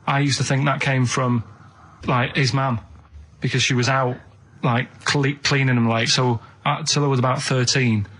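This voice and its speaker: A man's voice: medium pitch, flat delivery, moderate pace, fairly bright tone. A man who is a radio regular, telling stories in a plain, matter-of-fact way. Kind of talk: casual radio banter.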